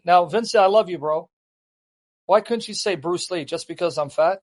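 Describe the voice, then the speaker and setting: A man giving live, animated commentary on a clip he is watching, joking and feigning indignation. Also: sits high, moderate pace.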